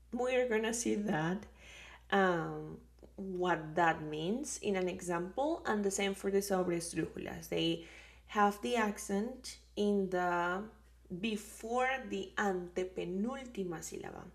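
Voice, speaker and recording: A woman with a Colombian accent teaching a Spanish lesson, explaining patiently and repeating words slowly. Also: on the low side, creaky.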